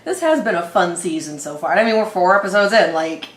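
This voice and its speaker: A woman co-hosting a casual reaction chat, expressive and giggly. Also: fairly low pitch, fairly quick, roomy sound. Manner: expressive, giggly, acts out quotes. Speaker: reaction channel co-host.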